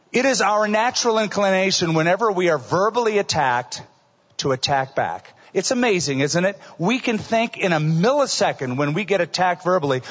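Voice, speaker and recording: A middle-aged male pastor preaching a sermon in an earnest, conversational way, often dropping to a soft voice for asides. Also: a little high, husky. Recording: dull recording in a large reverberant hall.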